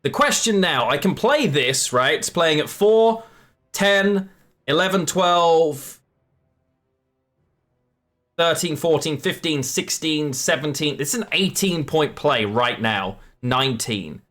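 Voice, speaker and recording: A man's voice: a little high, lively intonation, slow pace, fairly bright tone. A man live-streaming a card game, chatting with viewers and correcting himself as he plays. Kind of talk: live game commentary to chat.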